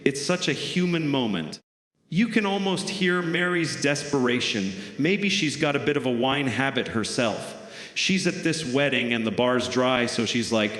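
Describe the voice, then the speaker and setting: Stand-up comic, wry storyteller with a bright, forceful voice, in a reverby theater hall. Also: male voice, a little high, animated, unhurried, some chatter behind. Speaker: stand-up comedian. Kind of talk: stand-up comedy routine. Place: large theater stage.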